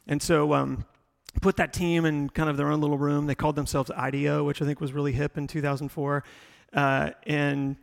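A man's voice: fairly high pitch, little pitch movement, fairly quick, gravelly, big-room sound. A middle-aged man, a tech executive, telling his story in a rambling way full of fillers and restarts during a live interview on stage. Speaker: tech company executive guest.

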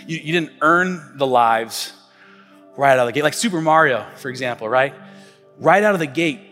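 A man in his forties, a pastor delivering a sermon in a relaxed storytelling way, full of fillers and restarts. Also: medium pitch, moderate pace, in a large hall, soft background music. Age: 40s. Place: church stage.

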